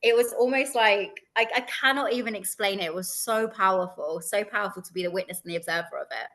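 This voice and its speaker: A woman's voice: mid-range voice, quick pace, a bit bright. A woman co-hosting a spiritual lesson, candidly telling a personal story. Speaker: co-host.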